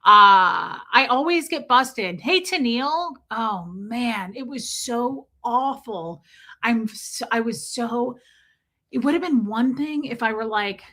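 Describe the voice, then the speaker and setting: A woman live streamer telling a story in a casual, animated way and breaking off to greet her chat viewers. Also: on the high side, takes it slowly.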